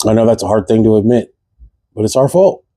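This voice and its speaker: A man's voice: lowish voice, fairly quick, warm tone, no room sound. A man speaking, giving a passionate spiritual monologue to camera that repeats phrases and fires off rhetorical questions. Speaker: vlogger.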